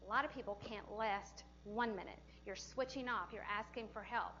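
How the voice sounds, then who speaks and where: A woman's voice: mid-range voice, normal speed, bright, forceful tone, lo-fi sound. A woman teaching a hands-on CPR class in a training room, chatty and encouraging, often laughing as she talks. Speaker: CPR instructor.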